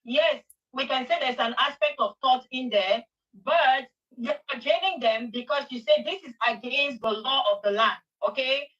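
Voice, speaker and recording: Woman co-panelist, high-pitched, insistent reasoning, muffled distant line. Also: normal speed, fairly bright tone. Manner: argumentative, lawyerly, asks rhetorical questions. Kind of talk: arguing in a talk show. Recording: dull, distant audio.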